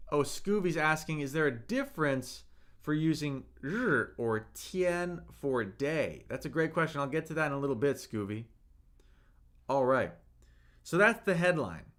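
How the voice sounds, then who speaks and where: A man's voice: fairly high pitch, a bit bright. A man teaching Mandarin on a live stream, upbeat and talking to viewers in the chat while he repeats vocabulary. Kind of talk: live-streamed language lesson.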